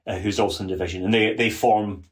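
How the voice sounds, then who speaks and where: Low-voiced man talking military history. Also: fairly even intonation, fast talker. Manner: earnest, detailed, many restarts. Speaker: podcast guest, author. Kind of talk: casual history podcast chat.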